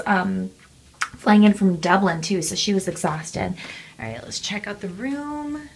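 A woman with a medium-pitched, slightly rough voice chats casually to the camera in a travel vlog, her speech full of "like" and "um." It's a handheld recording with noisy ambience in the background.

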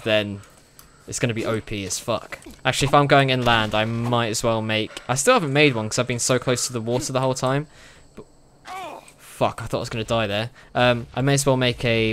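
A young man giving casual, excitable commentary while playing a video game, swearing and laughing often. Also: medium pitch, a little hiss or hum. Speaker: gaming video host.

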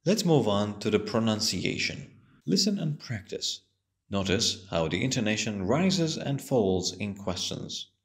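A man teaching an English lesson, explaining patiently and slowly with a strongly rising and falling voice. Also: lowish voice, very animated.

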